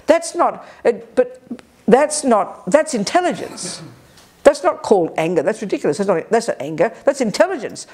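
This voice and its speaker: Energetic woman giving a dharma talk. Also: fairly high pitch. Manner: energetic, sharp, emphatic; quick restarts and self-corrections. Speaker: Buddhist teacher leading a retreat. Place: retreat center.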